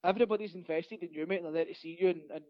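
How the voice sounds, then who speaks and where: A Scottish stand-up comedian telling rapid, sweary, laughing stories in a casual chat. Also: male voice, fairly high pitch, no room sound, muffled recording.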